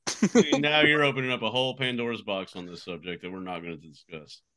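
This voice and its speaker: A man's voice: mid-range voice, fairly even intonation, a little fast, a crowd in the background. A man co-hosting a casual podcast, crude and joking, laughing often. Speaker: podcast co-host. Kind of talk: casual chat.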